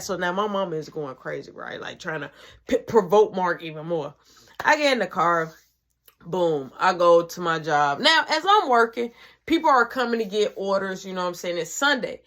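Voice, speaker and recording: A woman's voice: fairly low pitch, expressive, normal speed, a bit bright. A woman telling a personal story in casual, slangy, profane narration.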